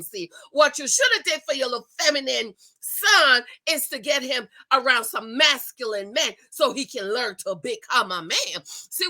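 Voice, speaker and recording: A woman's voice: high voice, bright, forceful tone. A woman, doing a sassy, emphatic recap commentary that calls the viewer "girl.". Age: 40s. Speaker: reality TV recap host. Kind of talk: casual commentary, talking to camera.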